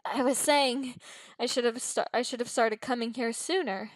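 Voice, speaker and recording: A relaxed young adult with a teasing, unbothered way of talking, as a woman reads the part. The sound is dry and close, with no room echo. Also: a little high, moderate pace, lightly acted.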